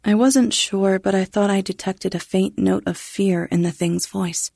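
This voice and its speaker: A woman narrating a first-person science fiction story in a measured, restrained way. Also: medium pitch, fairly even intonation, creaky, warm tone, no echo, clean studio sound.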